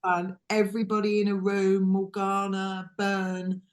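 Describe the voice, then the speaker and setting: A woman talking warmly as a guest on a podcast, her voice sitting at an ordinary middle pitch. She is chatty and effusive, often breaking into giggles between phrases and starting her sentences over. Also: completely flat delivery, a little slow. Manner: chatty and effusive, trailing restarts. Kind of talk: casual chat.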